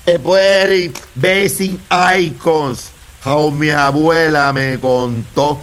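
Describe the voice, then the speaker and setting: Slow, chanting older poet. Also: male voice, on the high side, fairly bright tone. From Puerto Rico. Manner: rhythmic, chanting refrains, slipping between English and Spanish. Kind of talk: spoken word poetry performance.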